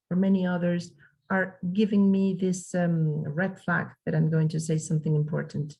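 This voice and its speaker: A woman's voice: on the low side, normal speed, poor audio. A woman from Mexico teaching an online English lesson, explaining points step by step and reading out example sentences.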